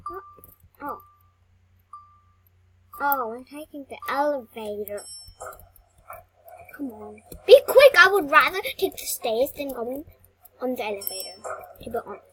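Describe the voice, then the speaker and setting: Excitable high-pitched young gamer girl. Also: unhurried, long pauses, slight background noise. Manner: excitable, frustrated outbursts, self-encouraging. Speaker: gaming channel host. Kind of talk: gameplay commentary.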